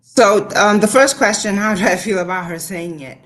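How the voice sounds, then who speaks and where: A woman speaking as a panelist in a talk show, measured and hesitant with many ums. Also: mid-range voice, a bit bright. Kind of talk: casual panel discussion.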